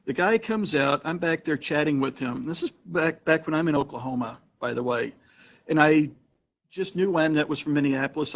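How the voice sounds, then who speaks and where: Chatty man hosting a meetup. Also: a little high. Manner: chatty, anecdotal, frequent restarts. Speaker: meetup host and presenter. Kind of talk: casual storytelling talk to a small group. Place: meeting room with a live audience. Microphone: room recording mic.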